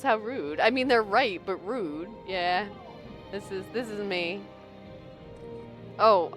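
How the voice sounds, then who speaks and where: A woman's voice: fairly high pitch, expressive, slow pace, long pauses, faint music behind. Chatty woman streaming a game. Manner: chatty, laughs often. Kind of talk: casual gameplay commentary.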